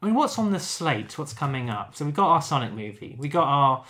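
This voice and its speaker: A man's voice: on the high side, big pitch swings, brisk, pushed and bright. A man, co-hosting a casual podcast and making playful, jokey asides. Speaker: podcast co-host. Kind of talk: casual chat.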